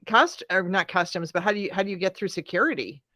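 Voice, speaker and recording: A woman's voice: on the low side, lively intonation, quick pace, pushed and bright, no room sound. Eager woman interviewer, dry close sound. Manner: enthusiastic short reactions and questions. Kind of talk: casual interview chat.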